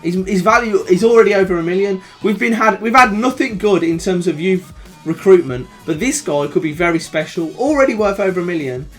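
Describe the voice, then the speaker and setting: A young man with a Birmingham accent commentating over a football video game, chatting calmly and then shouting with excitement at big moments. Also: high-pitched, brisk, faint music behind. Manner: excitable, swings from calm chat to shouting at goals. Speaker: gaming YouTuber.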